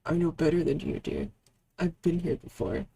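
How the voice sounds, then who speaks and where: A woman's voice: on the low side, steady tone, moderate pace, dark tone, slightly rough, no echo. A woman reading the lines of a bitter, self-pitying young man in a story game, with a sulky, sarcastic delivery.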